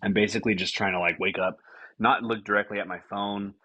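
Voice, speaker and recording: A man hosting a casual podcast, rambling through a comedic monologue with lots of swearing and animated acted-out quotes. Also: on the low side, quick pace, breathy edge, muffled recording. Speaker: podcast host.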